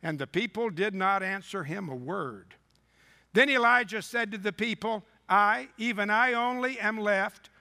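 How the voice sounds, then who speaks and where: A man's voice: sits high, sharp tone. A male preacher reading scripture in a sermon and breaking in with sarcastic asides. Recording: long hall reverb.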